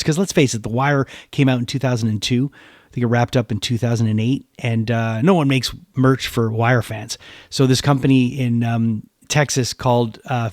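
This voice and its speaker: Chatty excitable male podcast host. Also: mid-range voice, no echo, clean studio sound. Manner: chatty, lively, excitable, with many fillers. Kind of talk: casual podcast chat and sponsor reads. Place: podcast studio. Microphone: studio microphone.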